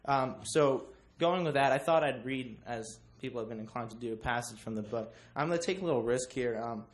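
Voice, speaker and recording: A man's voice: mid-range voice, a little fast. A young man giving a class book presentation, joking with many ums. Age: young adult. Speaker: student presenter.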